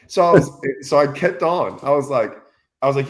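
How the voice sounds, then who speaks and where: A man chats casually as a fishing host, spinning a story with laughs. He acts out what others said in quick voiced quotes. His pitch sits in a middle range for a man. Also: lively intonation.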